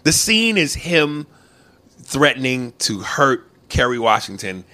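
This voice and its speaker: A man co-hosting a comedy podcast, talking loud, profane and bossy in casual banter. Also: mid-range voice, very animated, slow pace, no echo. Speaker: podcast co-host.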